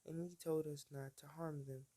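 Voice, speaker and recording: A man voicing a calm, collected male ice warrior in a story he is retelling. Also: fairly high pitch, moderate pace, close to an everyday voice. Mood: cold. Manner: cool and collected.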